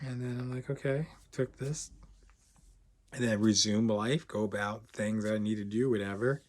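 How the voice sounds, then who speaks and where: A man's voice: on the low side, moderate pace. A man who coaches premed students, telling his own story to camera in a loose, rambling way, often trailing off with "whatever". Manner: rambling, animated, repeats "whatever".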